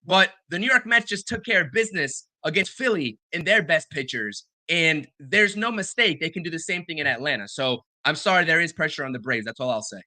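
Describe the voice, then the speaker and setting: A man's voice: fairly high pitch, expressive, a little fast, few pauses, sharp tone, dry recording. A man co-hosting a sports talk show, arguing his point emphatically. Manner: emphatic, argumentative. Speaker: podcast co-host.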